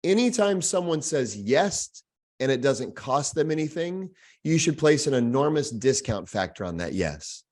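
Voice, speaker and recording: A man explains ideas in a loose, conversational way over a video call. He is animated, and he slips into quick character voices to act out short scenes. His voice sits at a middle pitch. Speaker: guest design expert. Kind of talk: casual explanatory talk.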